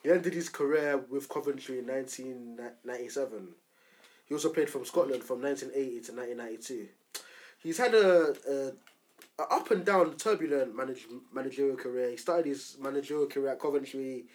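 A man's voice: medium pitch, a little fast, a little mellow. A man co-hosting a casual football chat, recapping a player's career informatively with fillers. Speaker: podcast co-host.

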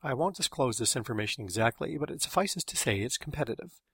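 A man voicing a careful, guarded male coworker who speaks softly and picks his words. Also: medium pitch, animated, husky, dry recording, clean studio sound. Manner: soft, measured.

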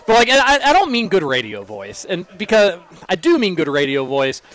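A man's voice: high-pitched, sing-song, moderate pace, fairly bright tone. A man co-hosting a live radio show outdoors at a racetrack, chatty and jokey, greeting people who pass by. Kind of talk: casual live radio chat.

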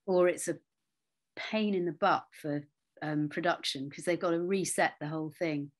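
A middle-aged woman, an actress, telling anecdotes in a relaxed interview, with quiet asides and lively storytelling. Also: sits low, normal speed.

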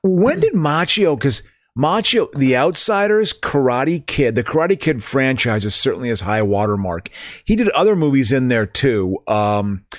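A man's voice: mid-range voice, very animated, moderate pace, dry recording, studio quality. A man co-hosting a casual podcast, talking with stammering restarts. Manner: stammering restarts, movie-trivia talk. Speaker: podcast co-host. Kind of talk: casual chat.

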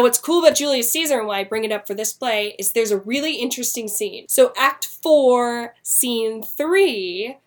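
A woman's voice: on the high side, a bit bright. A woman co-hosting a podcast in casual chat, explaining things eagerly and laughing often. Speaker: podcast co-host.

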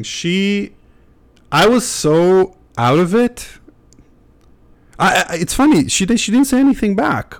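A young man hosting a podcast, talking candidly in a rambling way, full of fillers and swearing. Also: on the high side. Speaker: podcast host. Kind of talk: casual podcast chat.

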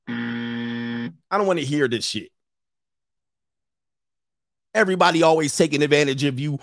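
A man's voice: high-pitched, no echo, clean studio sound. A man, scolding and mocking in a ranting commentary monologue, laughing often. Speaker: commentary host.

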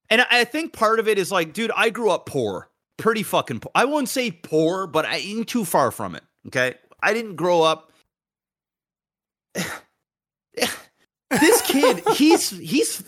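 A man with a fairly high, bright voice and a tense edge co-hosts a podcast. He tells a story in loose, animated chat, swearing freely and breaking into laughter. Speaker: podcast co-host. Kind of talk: casual chat, anecdote telling.

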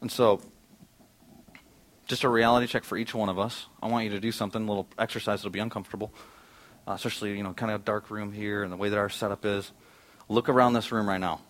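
A middle-aged pastor preaching a conversational sermon in a church auditorium, asking the congregation questions. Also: male voice, fairly low pitch, steady tone, fast talker, fairly bright tone.

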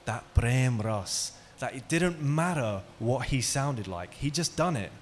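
A man gives a talk in a hall, speaking at a middle pitch and often turning to his listeners with questions. The recording carries a faint hum of room noise. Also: lively intonation, takes it slowly. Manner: engaging, asks the audience questions. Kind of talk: interactive talk to an audience. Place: hall with an audience.

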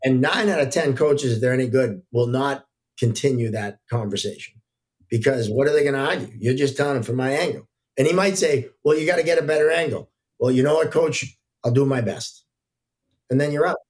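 Man telling relaxed referee stories. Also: medium pitch, brisk. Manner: relaxed, anecdotal, frequent fillers. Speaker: hockey referee and guest. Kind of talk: casual podcast storytelling.

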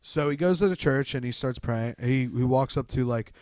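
A man's voice: medium pitch, normal speed, a little mellow, no room sound, studio quality. A man in casual chat, retelling a movie in a rambling way, with lots of fillers, swearing and laughter.

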